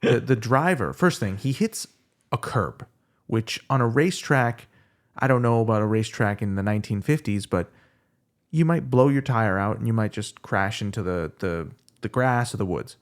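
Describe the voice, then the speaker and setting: A man with a low voice talks in casual conversation, relaxed and storytelling. He laughs easily as he describes things. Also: moderate pace. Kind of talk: casual chat.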